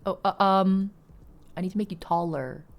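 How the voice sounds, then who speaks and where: A woman's voice: mid-range voice, normal speed, a little hiss or hum. A woman live streamer chatting casually and rambling, laughing often and poking fun at herself.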